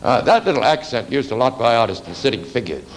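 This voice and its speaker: A man's voice: mid-range voice, sing-song, fast talker, poor audio. A man teaching anatomy for artists in a rambling, conversational lecture, full of fillers and asides. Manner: rambling, conversational, lots of fillers and "you see".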